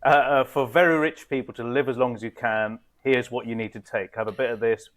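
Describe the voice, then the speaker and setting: A man's voice: mid-range voice, steady tone, a little fast, a bit bright. Wry man on a podcast. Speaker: podcast panelist. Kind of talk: casual panel chat.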